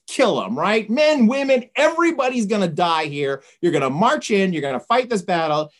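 A woman teaching a Bible study lesson in a conversational way, retelling the story with frequent asides. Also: medium pitch.

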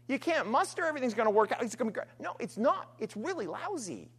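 A woman preaching a sermon, earnest and emphatic, alternating forceful stress with quiet, trailing phrases. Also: on the high side, big pitch swings, fast talker, breathy edge. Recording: long hall reverb.

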